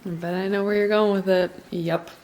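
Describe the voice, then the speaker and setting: A young woman vlogging casually at home while doing chores, chatty and full of likes, often dropping to a soft whisper. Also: mid-range voice, steady tone, normal speed. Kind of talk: casual vlog chat.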